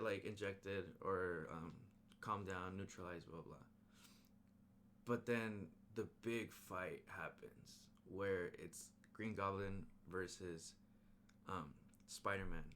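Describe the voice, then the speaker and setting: A man recapping a movie in a casual, excited way, full of slang and scene-by-scene sound effects. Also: fairly low pitch, a little hiss or hum. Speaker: movie reviewer.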